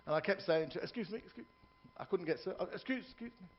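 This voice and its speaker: A man's voice: high voice, fast talker, muffled recording. A man performing stand-up comedy in a ship's theatre, telling jokes, doing characters' voices and joking with the audience.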